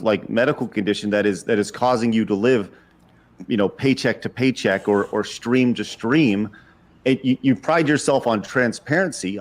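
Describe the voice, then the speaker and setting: A man interviewing over a video call, earnest and encouraging while still probing his guest. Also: medium pitch. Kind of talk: conversational interview.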